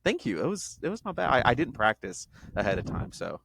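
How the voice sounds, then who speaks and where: A man's voice: medium pitch, wildly swooping pitch, brisk, vocal fry, a bit bright, husky. A man co-hosting a podcast, chatting casually about sports in a rambling, joking way with restarts. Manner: rambling, self-interrupting, joking. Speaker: podcast co-host.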